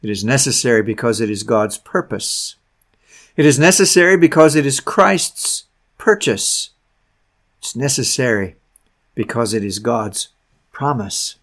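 A man reading an old sermon aloud, preaching earnestly with slow, stretched phrases that sink to a hush at the ends. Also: mid-range voice. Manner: drops to a hushed, soft voice at phrase ends. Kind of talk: read-aloud Victorian sermon.

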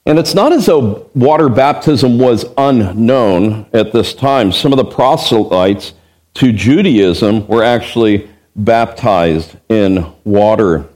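A man's voice: on the low side, animated, slow pace, a little mellow. A man preaching an expository Bible sermon as pastor. He is emphatic, asks the listeners rhetorical questions and acts out the verses he quotes.

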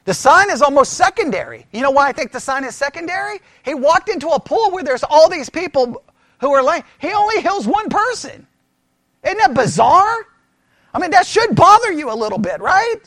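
A man teaching scripture in a conversational sermon, animated and full of rhetorical questions. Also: extremely high pitch, moderate pace, no room sound, clean studio sound. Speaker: pastor teaching.

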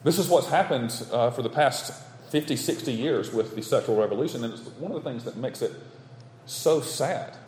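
A man preaching a sermon from the pulpit, stressing his points through steady repetition. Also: mid-range voice, normal speed, a little hiss or hum. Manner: emphatic, repetitive preaching cadence. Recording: echoey hall with long reverb.

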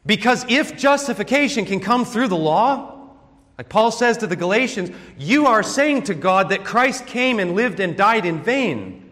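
A man's voice: high voice, big pitch swings, unhurried, a bit bright. A man preaching an expository sermon in an earnest teaching tone, often checking in with rhetorical questions. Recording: long hall reverb.

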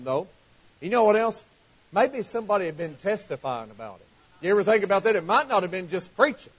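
A fervent male preacher with a strikingly high voice. He drops into quiet asides, then builds to ringing, shouted praise, in a revival-style sermon. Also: breathy edge, rough recording. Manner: fervent, swinging from soft asides to shouted declarations.

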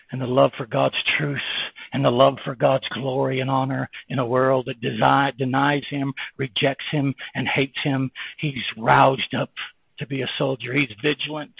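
A man preaching a sermon, moving from slow, hushed words to loud, fervent exhortation. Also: medium pitch, vocal fry, husky, dry recording. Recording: tinny phone-like, dry.

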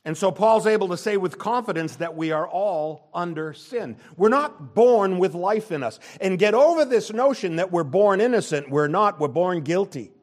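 An older man preaching a sermon as pastor, emphatic, swinging between forceful declarations and quieter asides. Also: high voice, lively intonation, normal speed, hardly any pauses.

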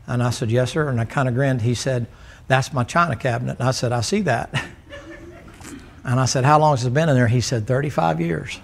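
A man's voice: medium pitch, brisk, vocal fry. A male preacher, delivering a folksy, joking sermon to a congregation in a church. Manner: folksy, joking storyteller who teases the congregation.

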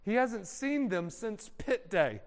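Male preacher, high and resonant, animated storyteller with casual slang; long reverb in a hall. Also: slow. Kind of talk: sermon storytelling.

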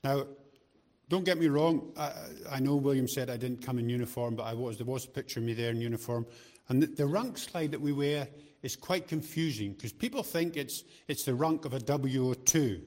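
A middle-aged man gives a sermon at an ordinary pitch. He talks to the congregation in a chatty way, tossing in jokes and asides. He often restarts sentences and repeats words as he goes. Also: normal speed, darkish tone. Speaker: lay preacher.

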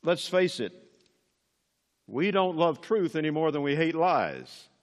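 A man's voice: on the high side, very animated, measured pace, big-room sound. An older man preaching a sermon as pastor, emphatic and rising on key words.

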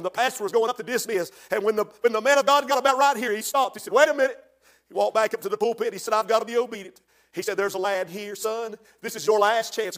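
An older man preaching a fiery revival sermon, telling stories softly and then building to shouted, chanted praise. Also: very high-pitched.

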